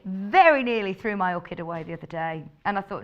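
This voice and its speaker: A woman with a low, husky voice, chatting in a bubbly way as she presents a live TV shopping show. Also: quick pace, hardly any pauses, lo-fi sound. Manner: bubbly, chatty, laughs often. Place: TV studio.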